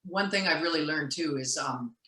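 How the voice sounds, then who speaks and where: A woman referee telling an animated story on a call, acting out quoted lines in a loud voice. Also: low-pitched, moderate pace, reverberant, poor audio. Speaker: basketball referee and session speaker. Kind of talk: storytelling talk on a video call.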